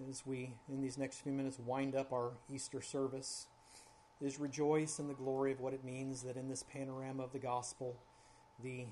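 A man preaching a sermon at a church service, his mid-range voice climbing to loud, high peaks as the story builds. He then drops to a hushed, slow prayer. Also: a little hiss or hum. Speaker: pastor.

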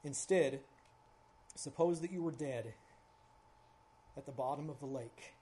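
A man's voice: a little slow, a little hiss or hum. Man preaching with rising, swelling intensity. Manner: builds to loud, high climaxes then drops to a hushed prayer. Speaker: pastor. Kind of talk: sermon. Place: church service.

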